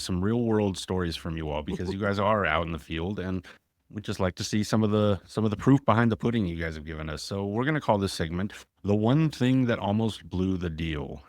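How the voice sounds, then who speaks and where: A man hosts a talk segment, easygoing and inviting his guests to share stories. His voice is very deep, and the sound is dry and close. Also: dry recording. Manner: easygoing, hands the floor to guests. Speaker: show host.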